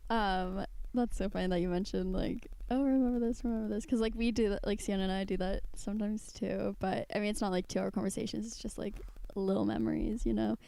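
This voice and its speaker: Podcast co-host, woman, 20s; warm, relaxed tone, giggly and rambling. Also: mid-range voice, a little fast, creaky, few pauses. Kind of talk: casual chat.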